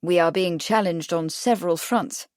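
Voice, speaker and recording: A woman reading the lines of a calm, thoughtful English lord. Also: on the low side, normal speed, no echo, studio quality, natural voice.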